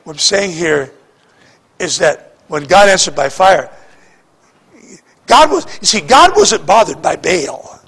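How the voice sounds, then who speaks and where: A pastor preaching a sermon, repeating words and swinging between shouting and hushed speech. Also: male voice, sits high, big pitch swings, slow, vocal fry, pauses often, breathy edge.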